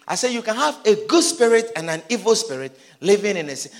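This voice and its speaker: A man preaching a sermon, emphatic and sing-song, swinging from soft asides to shouted peaks, with repeated call-and-response. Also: sits high, big pitch swings, a little fast. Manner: repetitive call-and-response style.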